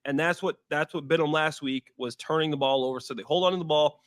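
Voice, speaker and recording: A former pro football player, a man in his thirties, analyzes recent games in a relaxed, emphatic chat. His voice sits high for a man and comes across dry and close to the mic. He drives points home by saying them twice. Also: fast talker, no echo. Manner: emphatic, repeats points for stress. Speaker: former NFL player, guest. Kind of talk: casual sports analysis chat.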